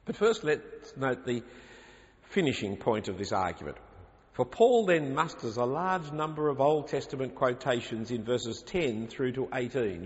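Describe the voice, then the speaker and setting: A man preaching a sermon, arguing emphatically with rhetorical questions. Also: medium pitch. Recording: lo-fi, reverberant hall.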